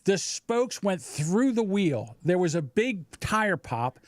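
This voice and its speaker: A man in his sixties telling a story in casual chat, acting out the people in it with animated voices. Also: high voice, takes it slowly, no echo, clean studio sound. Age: 60s. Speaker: podcast host.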